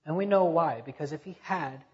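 A man preaching a sermon to a congregation, rising to loud emphatic swells and dropping back to quiet speech. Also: fairly high pitch, brisk, slightly rough. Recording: dull echoey sanctuary recording.

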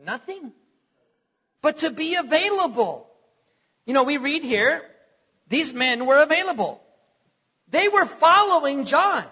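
Middle-aged male preacher, bright and tense tone, conversational sermon with chuckles, echoing church hall. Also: extremely high pitch, sing-song, measured pace, pauses often. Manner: conversational, repeats words, chuckles between points. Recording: lo-fi recording in a reverberant hall.

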